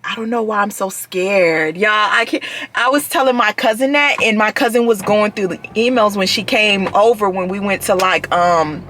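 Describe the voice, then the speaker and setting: A woman's voice: medium pitch, normal speed, a bit bright. Woman, 30s, vlogger, casual chat to camera, rambling and conversational, mid-range voice. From United States. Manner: chatty, addresses viewers as "y'all", trails off and restarts.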